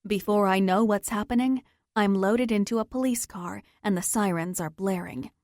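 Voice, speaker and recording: A woman's voice: medium pitch, moderate pace, a little mellow, no echo, studio quality. A woman narrating a first-person romance audiobook in a tense, dramatic manner.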